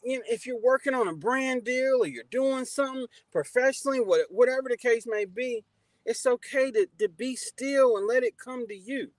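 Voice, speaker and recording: High-voiced man hosting a casual livestream. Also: normal speed, no echo, poor audio. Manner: shouts out chat viewers warmly by name, preachy advice. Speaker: livestream host.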